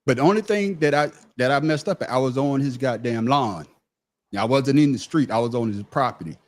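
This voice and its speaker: A man's voice: medium pitch, expressive, fairly quick. A middle-aged man on a podcast panel telling a story in casual chat, profane and emphatic, repeating his words as he starts a thought.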